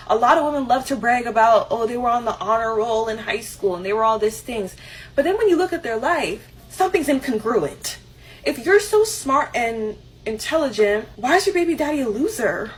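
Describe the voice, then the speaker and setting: A woman's voice: fairly high pitch, rough recording. A woman in a social media monologue, confrontational as she fires off one question after another. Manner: confrontational, rapid-fire questions.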